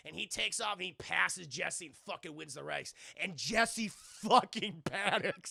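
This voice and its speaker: A high, gravelly male voice with a bright, forceful edge, talking fast and loose as he recaps a movie for his chat. He is animated and swears freely. The sound is dry and close. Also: no room sound. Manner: animated, profane, talks to chat, acts out characters. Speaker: streamer reviewing a film. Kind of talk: casual scene-by-scene recap to a live chat.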